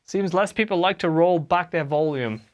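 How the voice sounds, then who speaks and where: A man's voice: a little high, normal speed, very noisy. A man hosting a casual livestream, rambling chattily and answering chat messages while he plays guitar. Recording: guitar playing behind the voice.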